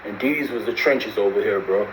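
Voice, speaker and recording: A man's voice: on the low side, moderate pace. A man casually telling a long prison story in slangy speech, acting out the voices of the people he quotes. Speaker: storyteller recounting prison life. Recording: roomy with faint background noise.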